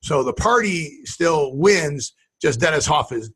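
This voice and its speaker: A man co-hosting a casual talk show, telling stories in a rambling, animated way. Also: fairly high pitch, unhurried, breathy edge. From western United States. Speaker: podcast co-host. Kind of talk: casual chat.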